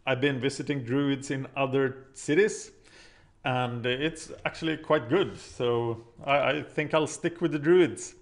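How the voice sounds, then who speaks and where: A man's voice: mid-range voice, fairly even intonation, unhurried. A man giving a casual vlog update on his projects, rambling with frequent fillers and self-corrections. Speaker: vlogger and podcaster.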